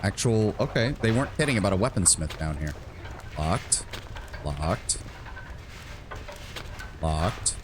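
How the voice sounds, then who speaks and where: Brief: low-voiced male streamer, rambling profane play-by-play, light background noise. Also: animated, takes it slowly, pauses often. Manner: rambling, profane, self-mocking. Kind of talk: live game commentary.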